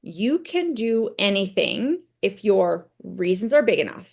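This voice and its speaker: A woman at a middle pitch talks her team through a motivational training session. She speaks conversationally and keeps tagging her points with "right?" as she tells her own stories to make them land. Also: sing-song, measured pace, vocal fry, darkish tone.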